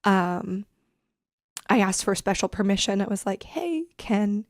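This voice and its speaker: A woman in her thirties, a podcast guest telling a personal story in an earnest, reflective, halting way. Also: mid-range voice, little pitch movement, no room sound, studio quality. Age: 30s.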